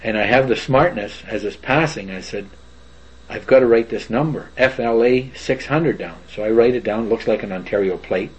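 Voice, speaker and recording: A man's voice: lowish voice, moderate pace, slightly rough. An older man giving rambling, detailed first-person testimony about something he witnessed. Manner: rambling, detailed storytelling with fillers. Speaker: eyewitness. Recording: dull lo-fi recording.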